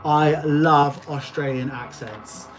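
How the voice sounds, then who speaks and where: A woman's voice: deep voice, takes it slowly, soft background music. A young woman, chatting casually in a vlog while making cash envelopes, giggly and joking as she rambles. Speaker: budgeting vlogger. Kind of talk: casual chat while doing a craft task.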